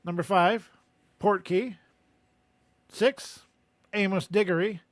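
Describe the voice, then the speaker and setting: A man with a high voice co-hosts a relaxed book podcast, chatting and reading chapter passages aloud. He laughs easily mid-sentence. The sound is dry and close, with no room around it. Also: slow, no echo. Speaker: podcast co-host. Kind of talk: casual book-discussion chat and reading aloud.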